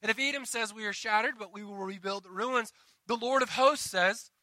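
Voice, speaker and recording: A middle-aged pastor preaching a sermon, building in intensity and asking the congregation for amens. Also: male voice, high voice, brisk, sharp tone, no room sound, rough recording.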